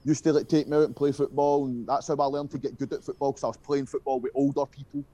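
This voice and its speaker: With a mellow, mid-range voice that barely moves in pitch, this young Scottish guest musician talks fast about his school days. The casual interview finds him rambling, cursing, and using lots of filler words.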